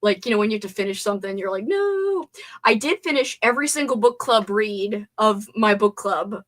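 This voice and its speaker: A woman's voice: mid-range voice, a little fast, a bit bright. A young woman hosting a casual livestream, chatting to herself as she crafts and sometimes swearing under her breath. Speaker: livestream host.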